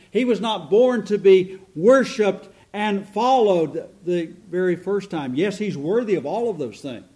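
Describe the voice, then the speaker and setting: A man's voice: high voice, a little mellow. A middle-aged man preaching a sermon as pastor, earnest and emphatic, asking the listeners rhetorical questions.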